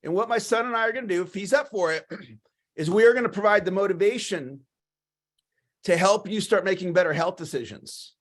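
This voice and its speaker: High-voiced enthusiastic male sales coach. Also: a little fast. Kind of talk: motivational livestream talk.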